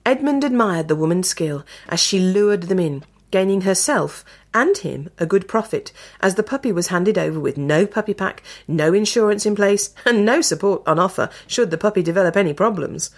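A woman narrating a story in a measured, expressive reading. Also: medium pitch.

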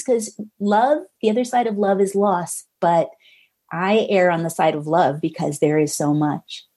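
Mellow-voiced woman guest, earnest and reflective. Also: medium pitch, fairly even intonation, measured pace. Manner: earnest, reflective, gently reassuring. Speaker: author and guest. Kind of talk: podcast interview conversation.

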